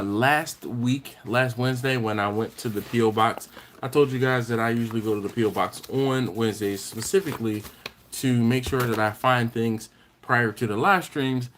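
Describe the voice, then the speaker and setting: A man's voice: mid-range voice, a little hiss or hum. A man hosting a barbecue live stream from home, chatting casually, reading viewer comments and thanking people by name, often restarting his sentences. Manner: rambling, self-correcting, thanks viewers warmly by name. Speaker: barbecue channel host.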